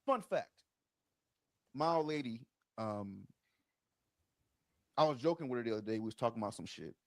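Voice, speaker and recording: A man hosting a podcast, telling stories in casual chat, profane and animated, acting out what people said. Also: medium pitch, normal speed, vocal fry, no room sound, studio quality. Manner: profane, animated, acts out quotes. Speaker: podcast host. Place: studio.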